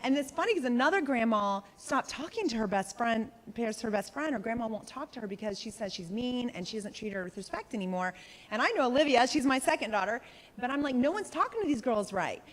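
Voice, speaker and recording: A woman's voice: a little high, lively intonation, fast talker. A woman in her forties teaching a live sales workshop, chatty and full of questions for the room, often acting out quoted voices. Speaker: sales trainer. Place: conference room with a live audience. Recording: reverberant training room.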